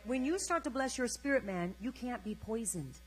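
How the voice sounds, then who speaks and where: An older woman preacher delivering an energetic sermon, urging the congregation to repeat her words. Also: fairly high pitch, normal speed, faint music behind, low-quality recording.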